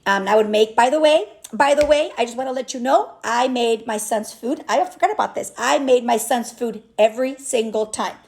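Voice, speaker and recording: A woman in her thirties with a high-pitched voice, a business owner and mother, speaks openly in a personal vlog. She's candid and animated, restarting and circling back as she works through her thoughts, at a moderate pace with few pauses.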